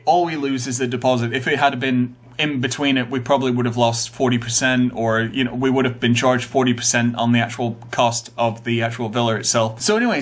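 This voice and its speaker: A young man talks casually to camera in a loose, rambling vlog chat. He fills his pauses with uhs and ums as he goes. His voice sits at an ordinary middle pitch. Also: fairly bright tone. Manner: rambling, full of uh and um. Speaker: vlogger.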